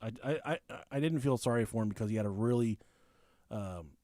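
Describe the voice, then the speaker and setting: A man's voice: fairly low pitch, fairly quick, warm tone, no echo, studio quality. A young man on a podcast telling a rowdy story in casual chat, profane, acting out the people he quotes. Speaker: podcast host.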